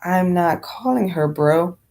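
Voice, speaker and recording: A woman's voice: lowish voice, lively intonation, slow, a little mellow. A woman talking bluntly in a casual vlog rant, rambling with many fillers and swearing freely. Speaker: vlogger.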